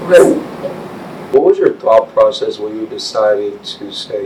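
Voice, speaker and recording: A man hosting a casual interview, reacting and prompting his guest with a lively, swinging pitch. He sounds far from the mic in an echoey room with a faint hiss behind him. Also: measured pace. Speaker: interview host. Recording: roomy, distant mic with faint background hiss.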